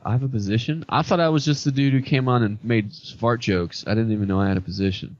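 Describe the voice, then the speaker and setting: A man's voice: medium pitch, fast talker, no room sound. A man co-hosting a gaming podcast, chatting casually with a joking, rambling, self-deprecating manner. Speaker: podcast co-host. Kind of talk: casual chat. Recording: dull lo-fi podcast audio.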